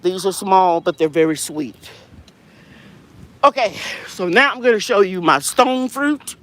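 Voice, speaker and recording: A woman's voice: medium pitch, animated, unhurried, pauses often, a bit bright. A middle-aged woman hosting a casual garden tour vlog outdoors, talking in a chatty, rambling way and correcting herself as she goes, recorded on a handheld phone. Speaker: home gardener and channel host.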